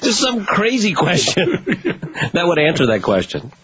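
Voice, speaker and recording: A man's voice: high-pitched, wildly swooping pitch, a little slow, fairly bright tone, breathy edge. A man co-hosting a radio show, chuckling and tossing in absurd jokes. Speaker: radio co-host. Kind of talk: casual comedic chat. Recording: dull radio audio with hiss.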